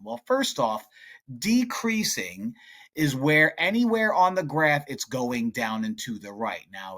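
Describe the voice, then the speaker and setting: A man's voice: medium pitch, a bit bright. A man teaching math in a casual, chatty, playful way, talking through practice problems at a whiteboard.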